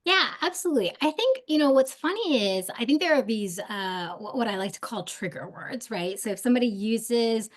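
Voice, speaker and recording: Animated woman speaking with emphasis. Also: a little high, a little fast, hardly any pauses. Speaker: guest speaker. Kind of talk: webinar panel talk.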